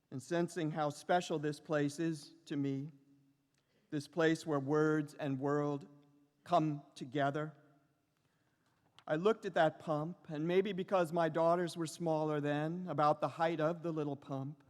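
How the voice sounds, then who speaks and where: A middle-aged man giving a lecture as a professor, speaking slowly and reflectively with lyrical repetitions and pauses. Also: a little high, darkish tone. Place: large lecture hall. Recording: long reverb of a large hall.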